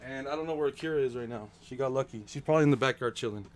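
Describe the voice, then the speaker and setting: A man's voice: medium pitch, rapid-fire, slight background noise. A man streaming a video game, chatting casually and joking with his viewers. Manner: chatty and playful, jokes with viewers. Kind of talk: casual live-stream chat.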